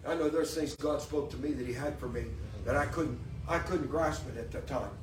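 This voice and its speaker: A male preacher with a fairly high voice, leading his listeners in call and response, emphatic and rising to exclamations. He sounds set back from the mic in an echoey room with a faint hiss of noise. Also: brisk, distant mic. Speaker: preacher and podcast host.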